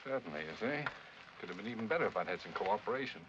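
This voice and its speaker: An actor playing a flustered, stammering French army officer in a 1940s screwball film comedy. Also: male voice, lowish voice, big pitch swings, rapid-fire. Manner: bumbling, stammering, protesting. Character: flustered, sleepy male French officer in love. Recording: dull, hissy 1940s film soundtrack.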